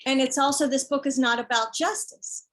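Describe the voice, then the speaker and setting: A woman's voice: high voice, fairly even intonation, normal speed, fairly bright tone, low-quality recording. A woman author talking frankly and emphatically about her children's book, acting out other people's words and sometimes swearing. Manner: swears when heated. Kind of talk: candid conversation.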